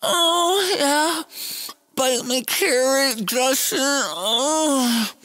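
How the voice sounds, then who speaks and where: A man voicing an overexcited, theatrical woman with squealing, drawn-out moans. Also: extremely high pitch, animated, pushed and bright, dry recording, voice pushed up, exaggerated voice. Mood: moaning.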